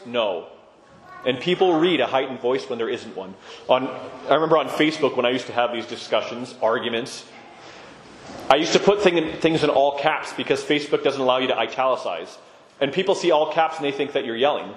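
A man's voice: medium pitch, brisk, a little hiss or hum. A man giving a conversational sermon-style talk on Orthodox Christian living, acting out quoted voices as he goes. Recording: echoey room with long reverb.

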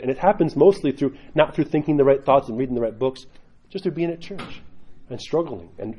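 A male priest giving an informal sermon full of stories and asides, in a conversational, animated way. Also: mid-range voice, muffled recording.

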